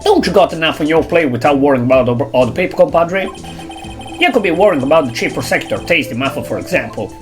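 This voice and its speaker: A man's voice: a little high, expressive, fast talker, music in the background, lightly acted. A man voicing a laid-back cowboy police officer, reading game dialogue with folksy sayings on stream. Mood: easygoing. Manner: casual drawl with folksy sayings.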